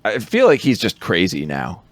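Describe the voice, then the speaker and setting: A man's voice: deep voice, wildly swooping pitch, normal speed, no echo. A man co-hosting a podcast, rambling through a film recap in casual chat, laughing often.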